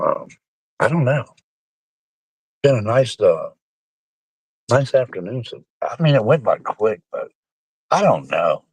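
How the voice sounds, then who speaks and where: A man's voice: mid-range voice, dry recording. Drawling, profane middle-aged man streaming. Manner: profane, drawling, addresses chat as folks. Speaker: live streamer. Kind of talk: casual rambling live-stream talk.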